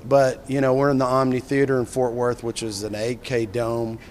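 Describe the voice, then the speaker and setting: A middle-aged filmmaker telling an enthusiastic, rambling story in an interview, with frequent restarts. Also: male voice, mid-range voice, little pitch movement, normal speed, darkish tone, slight background noise.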